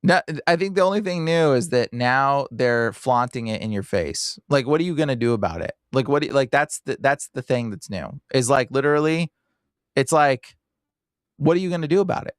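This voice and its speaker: A man's voice: mid-range voice, expressive, normal speed, clear, resonant tone, dry recording, clean studio sound. A man co-hosting a casual podcast, talking emphatically and hammering home rhetorical questions.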